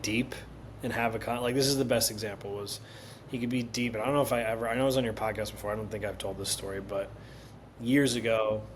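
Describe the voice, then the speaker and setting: Male comedian guest, somewhat low voice, animated and profane chat. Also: a little hiss or hum. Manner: animated, profane storytelling with lots of laughter. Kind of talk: casual podcast chat.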